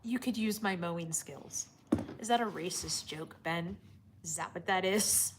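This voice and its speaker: A woman's voice: on the low side, measured pace, noisy background. A woman livestreaming casually outdoors, reading chat and talking to viewers, often dropping into whispers and bursting into laughs. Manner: chatty, drops to whispers and laughs.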